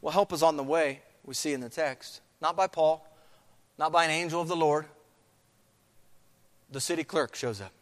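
Guy preaching, kinda high voice, big hall echo, acts out the crowd yelling. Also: moderate pace, long pauses. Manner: dramatic, acts out crowd chants. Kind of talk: sermon. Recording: long hall reverb.

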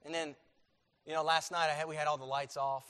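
A middle-aged male pastor preaching a sermon in a church, emphatic, repeating key phrases and swinging between loud and quiet. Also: fairly high pitch, flat delivery, fairly quick, clean tone. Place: church sanctuary. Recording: long hall reverb.

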